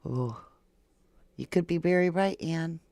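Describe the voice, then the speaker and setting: A woman's voice: low-pitched, measured pace, mellow, dry recording. A woman from Florida hosting a casual true crime livestream, chatting and reading viewer comments aloud. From Florida, USA. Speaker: true crime channel host.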